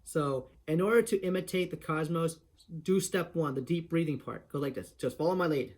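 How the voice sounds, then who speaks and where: A man with a slightly raised pitch talks through a voice impression tutorial. He explains each step casually and often restarts his sentences. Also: normal speed, darkish tone.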